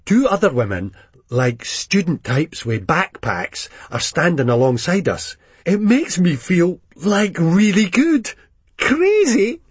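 A man with a Scottish accent reading a first-person story aloud in dialect, lively and expressive. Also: fairly high pitch, slow pace, slightly rough, dry recording. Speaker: reader.

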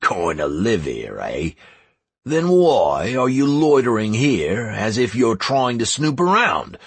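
A man voicing a gruff, suspicious village blacksmith in an audiobook. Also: mid-range voice, very animated, takes it slowly, dry recording, heavily acted.

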